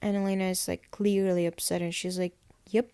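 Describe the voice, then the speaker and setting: A woman's voice: on the low side, flat delivery, fairly quick, dark tone, clean tone, dry recording. A young woman hosting a podcast, casually recapping a TV episode in a chatty style full of fillers. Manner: chatty, filler-heavy retelling with quoted dialogue. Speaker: podcast host.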